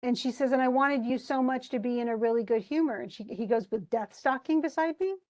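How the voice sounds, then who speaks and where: A woman's voice: on the high side, fast talker, darkish tone. A woman teaching a literature class, chatting about a play and reading lines aloud with frequent laughs. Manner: chatty, reads quotes aloud, laughs often.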